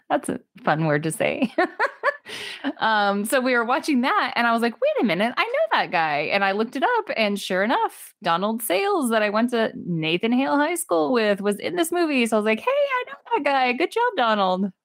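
A woman's voice: a little high, sing-song, normal speed, no room sound. Chatty laughing woman, dry sound. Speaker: podcast co-host. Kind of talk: casual movie chat.

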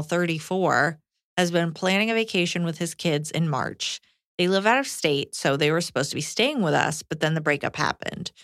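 A young woman co-hosts a podcast and reads listener letters aloud in a slightly low, laid-back voice. She chats easily between the letters and laughs often. The sound is close and dry. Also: a bit bright, dry recording. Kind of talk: reading letters and casual chat.

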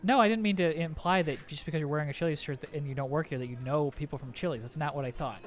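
A man's voice: on the high side, racing, soft background music. A man doing an improvised comedy scene, flustered and rambling with lots of stammering restarts.

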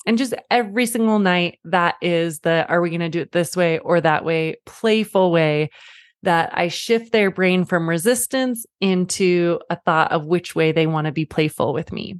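A woman in her thirties, a parent coach and host, talking casually and chattily, often slipping into a high playful voice to act out quotes. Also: normal speed, no echo, clean studio sound. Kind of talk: casual teaching talk.

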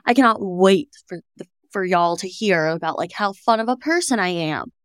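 A young woman co-hosting a podcast, chatting casually in quick bursts with lots of "like". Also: lowish voice, animated, smooth, no echo, clean studio sound. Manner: chatty, fast bursts, frequent "like". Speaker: podcast co-host. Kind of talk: casual chat.

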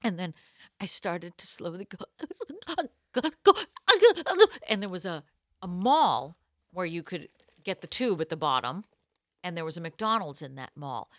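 A woman co-hosting a podcast, telling a self-mocking story in a lively, casual way. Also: lowish voice, normal speed, no echo, clean studio sound. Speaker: podcast co-host.

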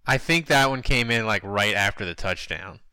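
A man's voice: fairly low pitch, expressive, normal speed, pushed and bright, clear, resonant tone, dry recording. A man hosting a podcast, chatting casually and animatedly with his co-hosts. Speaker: podcast host. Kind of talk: casual chat.

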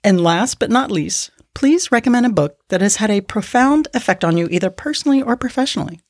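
A woman's voice: mid-range voice, expressive, brisk, dry recording, clean studio sound. A woman hosting a podcast, chatting casually and laughing often. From Miami. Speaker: podcast host. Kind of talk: casual interview chat.

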